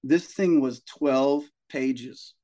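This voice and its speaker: A young man talks about coaching high school baseball in a relaxed, podcast-style chat, his voice at an ordinary middle pitch. He tells his stories with animation, some swearing, and stretched-out words, jumping into higher voices to mimic the parents and colleagues he quotes.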